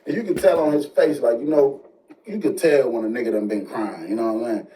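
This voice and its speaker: A man telling a jailhouse-style story in casual, animated slang. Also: medium pitch. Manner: animated, slangy, fast asides. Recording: distant mic with faint noise.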